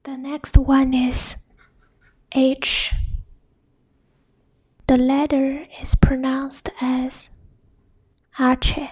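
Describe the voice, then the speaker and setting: A woman whispers an ASMR lesson in a high, breathy voice. She speaks very slowly and holds an even, flat tone, repeating each word softly. Faint writing sounds are heard behind her. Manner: slow, soft and breathy, with many repeated words. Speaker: ASMR Spanish teacher.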